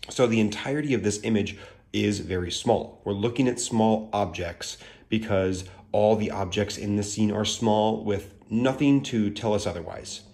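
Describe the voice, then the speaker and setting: A man's voice: on the low side, darkish tone. Gushing, chatty man reviewing cards. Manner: gushing, chatty, full of filler likes. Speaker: tarot deck reviewer. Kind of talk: casual video deck review.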